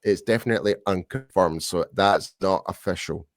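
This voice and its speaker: A man from the UK with a low voice chats through a sports podcast, looping back and restarting his sentences as he goes. The recording sounds dry and close. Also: moderate pace, dry recording. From United Kingdom. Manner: rambling, many restarts and fillers. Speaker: podcast co-host. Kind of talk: casual sports podcast chat.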